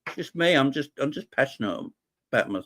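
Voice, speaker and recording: A man's voice: medium pitch, lively intonation, brisk, fairly bright tone. A man who has a wife and kids, hosting a live fan chat stream about football, passionate and emotional, and often repeating himself. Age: adult, married with kids. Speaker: fan channel host.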